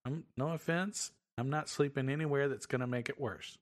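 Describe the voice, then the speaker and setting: A man's voice: medium pitch, brisk. Reflective man in casual chat. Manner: reflective, agreeable listener.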